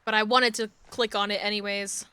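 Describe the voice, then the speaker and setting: A woman's voice: medium pitch, level tone, brisk, bright, forceful tone, slight background noise. A young woman streaming a game live, reading its text aloud and reacting with gasps, shrieks and lots of swearing.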